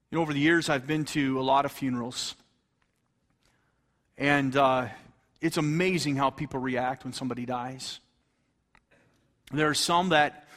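A middle-aged man preaching a fervent sermon, reading scripture aloud and swinging between loud exclamations and hushed tones. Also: fairly high pitch. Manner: reads scripture in King James English.

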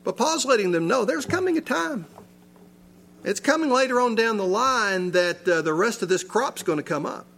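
A man's voice: high voice, lively intonation, normal speed, a bit bright. A man preaching a sermon in a church, reading scripture and asking his listeners rhetorical questions with rising emphasis. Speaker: pastor.

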